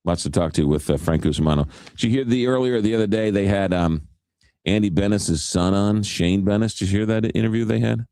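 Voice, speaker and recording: Low-voiced guy hosting morning radio, jokey, does goofy voices, dry close mic. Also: fairly quick, warm tone, no echo. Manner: jokey, slips into comic voices and accents. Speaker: radio show host. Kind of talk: casual morning radio banter.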